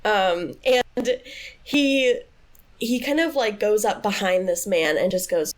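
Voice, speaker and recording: A woman's voice: mid-range voice, takes it slowly. A woman playing a tabletop role-playing game, describing her character's actions with many likes and ums. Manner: hesitant, full of likes and ums, laughing. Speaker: player.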